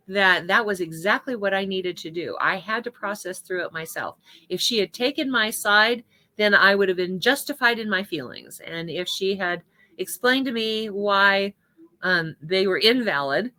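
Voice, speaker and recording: A woman's voice: mid-range voice, expressive, normal speed, pushed and bright. A woman giving a spiritual talk, telling a personal story in a conversational, personal way.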